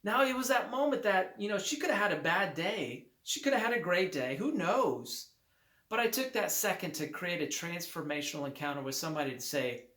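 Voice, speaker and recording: A man's voice: sits high, fairly quick. Upbeat man telling a story, roomy sound. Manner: upbeat, lively storytelling with emphatic repetition. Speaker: motivational author. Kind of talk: personal anecdote told to viewers. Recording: roomy echo.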